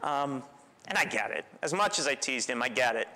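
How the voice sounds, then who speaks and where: A man preaching a sermon in a relaxed, storytelling way, with self-deprecating humor. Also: mid-range voice, brisk. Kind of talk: conversational sermon. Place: church sanctuary. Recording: long church reverb.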